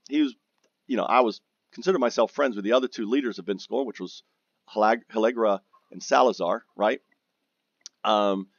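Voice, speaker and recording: A lower-pitched man with a gravelly, creaky voice, telling a rambling, profanity-laden story about his game. He trips over his words and restarts sentences often. The recording is dry and dull, like a lo-fi mic. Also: dry recording. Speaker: gamer recounting guild drama.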